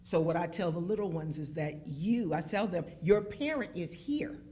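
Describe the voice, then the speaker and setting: A woman's voice: lowish voice, moderate pace, a little hiss or hum. A woman from Pittsburgh who works as a phlebotomist, telling stories emphatically in a casual group chat. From Pittsburgh, Pennsylvania. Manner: animated, emphatic storyteller who acts out quotes. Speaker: phlebotomist guest.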